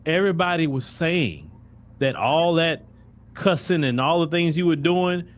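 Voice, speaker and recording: A web commentary show host speaks bluntly and mockingly, addressing the person he criticizes directly. His voice is a little high and expressive, with a measured pace.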